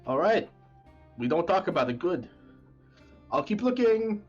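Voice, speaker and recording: A man voicing an awkward, bookish young female wizard helper who speaks in halting, flustered restarts. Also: on the low side, big pitch swings, darkish tone, dull audio, faint music behind, pitched above the performer's own voice.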